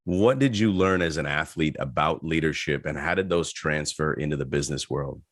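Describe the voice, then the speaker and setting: Super deep voiced host guy asking questions, dry close sound. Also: no echo. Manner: measured, curious questioning. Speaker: podcast host. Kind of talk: interview questions.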